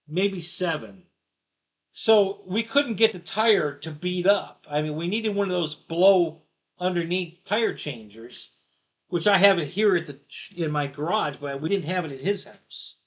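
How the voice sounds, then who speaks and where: A middle-aged man chatting casually as host of a live stream, with a high, bright voice. He tells stories in a loose, rambling way, circling back and laughing at his own jokes. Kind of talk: casual chat.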